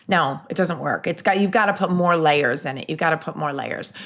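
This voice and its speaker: Middle-aged woman, solo podcast host, lowish voice, upbeat and rambling chat. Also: a little fast, a bit bright. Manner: upbeat, chatty, many restarts and asides.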